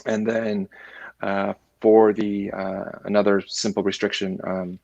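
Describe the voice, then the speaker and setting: A man with a Canadian accent, a company director answering interview questions in a measured way with frequent restarts. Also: lowish voice, flat delivery, creaky, a little mellow, dry recording. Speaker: guest, managing director.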